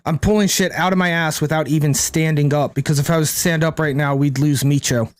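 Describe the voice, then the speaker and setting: A man's voice: on the high side, fairly even intonation, fairly quick. A man streaming a card game, rambling and thinking aloud to his chat, swearing casually. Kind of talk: casual gameplay commentary to chat.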